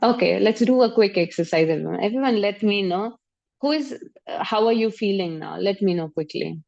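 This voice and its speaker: A woman with an Indian accent leading a live online class, energetic and coaxing, laughing along with her students. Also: medium pitch, fairly quick, gravelly, highs cut off. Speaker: yoga and breathwork instructor.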